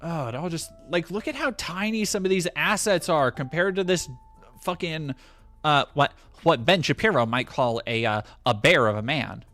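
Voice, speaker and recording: A man's voice: fairly high pitch, animated, normal speed, pushed and bright, faint music behind. A man streaming a game and commenting in a sarcastic, ranting, profane tone.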